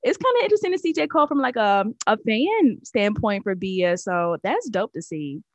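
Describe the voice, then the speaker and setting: Woman, co-host, relaxed chat, mid-pitched voice, dry close mic. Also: normal speed, dry recording. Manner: relaxed, easygoing, explains at length. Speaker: music news show co-host. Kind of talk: casual chat.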